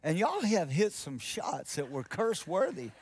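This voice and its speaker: Telling a story from the pulpit, a man voices both parties in an exchange and shifts into soft, intense delivery to drive home his key points. His high voice is very animated and slightly rough, and he moves at a moderate pace.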